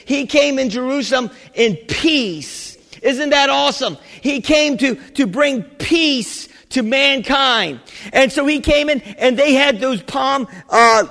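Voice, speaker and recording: A pastor preaching a sermon with fervent energy, often rising into shouts and restarting his sentences. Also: extremely high pitch. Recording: church hall with long reverb.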